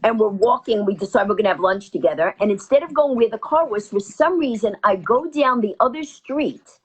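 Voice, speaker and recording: A woman from New York telling stories as an interview guest, quickly acting out every quoted line. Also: medium pitch, expressive, husky, rough recording. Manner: rapid anecdotal storytelling, acting out quotes. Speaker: interview guest, comedienne and author. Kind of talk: animated storytelling.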